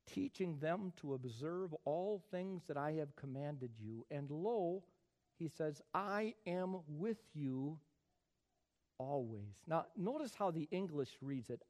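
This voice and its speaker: Man preaching, rising to loud emphasis. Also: a little high, lively intonation, moderate pace. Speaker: pastor. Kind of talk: sermon.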